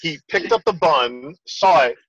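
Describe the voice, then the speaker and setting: A man telling stories in a casual chat, animated and laughing often. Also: fairly high pitch, a little slow, slightly rough, no echo. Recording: lo-fi audio.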